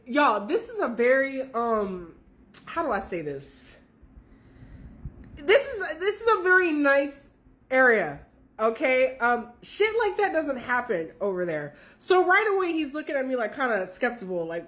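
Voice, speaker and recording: Animated, profane young woman telling a story. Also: sits high, moderate pace. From California. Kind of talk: casual storytime.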